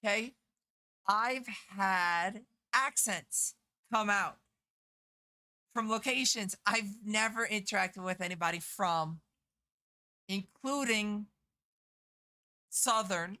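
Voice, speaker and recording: Woman streamer, bright forceful voice, chatty and profane, reads and answers chat. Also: medium pitch, slow pace, long pauses. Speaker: game streamer. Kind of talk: casual live-stream chat.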